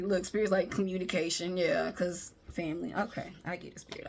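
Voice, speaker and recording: A tarot reader gives a chatty, emphatic casual reading to camera, addressing her viewers directly as y'all. Her voice sits on the low side, creaky and steady, and she talks briskly with hardly any pauses. Faint background noise is audible.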